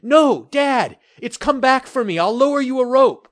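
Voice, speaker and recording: Man voicing a teenage boy, high-pitched, urgent, pleading, storybook character. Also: lively intonation, normal speed. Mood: excited, urgent. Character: excited teenage boy pirate hero. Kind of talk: audiobook character voice.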